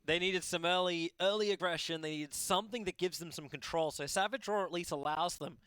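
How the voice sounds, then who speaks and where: A man co-casting an esports match, chatty and quick to laugh, often restarting his sentences. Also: sits high, bright, forceful tone, clear, resonant tone, no room sound. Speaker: esports co-caster. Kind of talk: casual game commentary.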